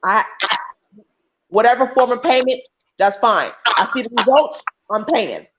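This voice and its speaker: A woman's voice: on the high side, unhurried, slight background noise, rough recording. A woman talking on a livestream call as a guest, emphatic and often restarting her sentences. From United States. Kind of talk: casual chat.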